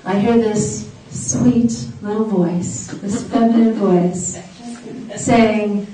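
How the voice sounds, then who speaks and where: A woman's voice: medium pitch, very slow, recorded from a distance, a little hiss or hum. Woman lecturing in an echoey hall. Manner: animated, engaging, asks the audience. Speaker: speaker. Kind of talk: lecture to an audience.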